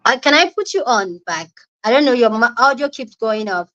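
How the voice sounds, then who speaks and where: A woman from Nigeria, hosting a casual live-stream chat from a room at home and squealing and shouting when excited. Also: fairly high pitch, normal speed, dull audio. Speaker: livestream host.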